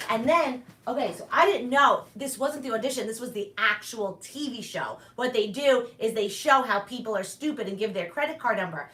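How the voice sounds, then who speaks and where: Woman host, casual chat, bright voice, slightly high, roomy distant sound. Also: animated, a little fast, hardly any pauses. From New York. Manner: chatty storyteller, laughs often. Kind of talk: casual chat with her mother.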